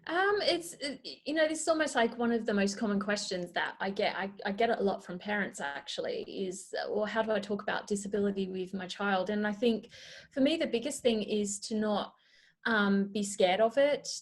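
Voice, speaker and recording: A woman's voice: medium pitch, normal speed. An Australian woman in her thirties, a guest speaking earnestly and reflectively in a casual interview, with lots of "you know" fillers. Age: 30s. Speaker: guest, Paralympic swimmer and advocate.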